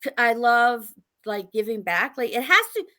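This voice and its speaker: A middle-aged woman, a guest author on a podcast, tells stories in a lively, laughing way and acts out the people she quotes. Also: a little high, normal speed. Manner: animated, laughing storyteller acting out quotes. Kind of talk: casual interview storytelling.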